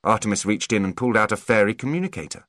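A man narrating an audiobook in a measured, expressive storytelling manner. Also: lowish voice, no echo, studio quality. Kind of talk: scripted narration.

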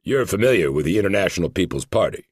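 A man's voice: low voice, lively intonation, fast talker, slightly rough, no room sound, clean studio sound. A man reading as a stern middle-aged male federal agent who talks in a formal, lecturing way. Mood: officious.

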